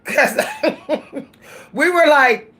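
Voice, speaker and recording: A woman vlogger telling a story in casual chat, animated and laughing, talking straight to her listeners. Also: high voice, very slow.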